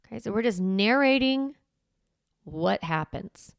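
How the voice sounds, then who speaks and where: Female podcast host, instructional and direct, light vocal fry, dry close sound. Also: medium pitch, expressive, a little slow, no echo. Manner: direct coaching, frequent "okay?" and "right?" check-ins; walks through step-by-step scripts.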